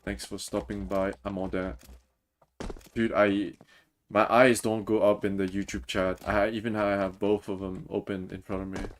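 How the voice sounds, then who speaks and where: A very low-voiced man in his twenties, from Mauritius and a native French speaker, talks casually through a game stream. He reads viewers' messages aloud and chats back between thoughts on the map, with a faint hum of noise behind him. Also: little pitch movement, normal speed. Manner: chatty, reads chat aloud and answers it. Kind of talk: casual livestream chat. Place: home room, Toronto.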